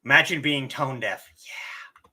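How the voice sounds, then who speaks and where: A livestream host giving a casual lesson, speaking slowly and deliberately and often clearing their throat, a bit hoarse from a cough. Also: medium pitch, expressive, bright, forceful tone.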